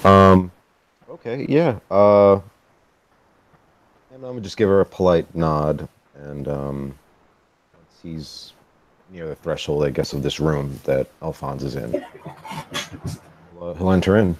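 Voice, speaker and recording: A man's voice: a bass voice, takes it slowly, long pauses. A man playing a tabletop role-playing game, talking casually and hesitantly. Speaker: player.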